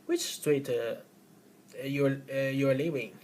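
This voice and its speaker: A man giving a classroom recap, explaining rules one by one in a halting way, with many fillers and restarts. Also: mid-range voice, a little mellow, a little hiss or hum.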